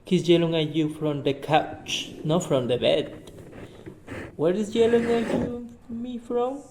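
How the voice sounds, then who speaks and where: Slow, halting man. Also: high voice, noisy background. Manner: slow and halting, restarts phrases. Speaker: English learner. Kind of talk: answering practice questions and reading aloud.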